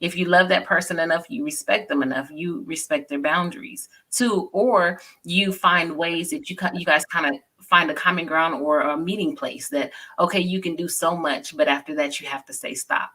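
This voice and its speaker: A woman in her forties tells personal stories in a relaxed conversation. Her voice sits low but has a bright, forward edge. She talks earnestly and keeps checking in with "you know.". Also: normal speed, hardly any pauses, husky. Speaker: guest. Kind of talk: casual chat.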